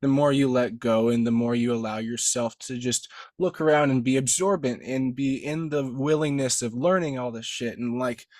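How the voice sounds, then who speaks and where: A man's voice: medium pitch, fairly even intonation, normal speed, few pauses, a little mellow, no room sound, studio quality. Laid-back man hosting a podcast. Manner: loose and laid-back, casual swearing, lots of "like". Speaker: podcast host. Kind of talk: casual chat.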